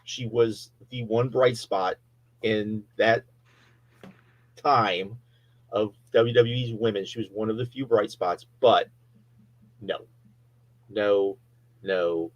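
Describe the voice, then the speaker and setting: Man, podcast co-host, halting self-correcting delivery, dry close sound. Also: on the low side, fairly even intonation, no room sound, highs cut off. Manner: hesitant, restarts and self-corrects while arguing. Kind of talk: casual debate chat.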